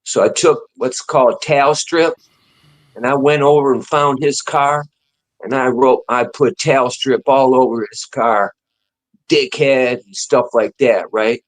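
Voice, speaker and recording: A man's voice: mid-range voice, steady tone, measured pace, poor audio. A man co-hosting a casual chat show, telling a long profane anecdote with frequent laughter.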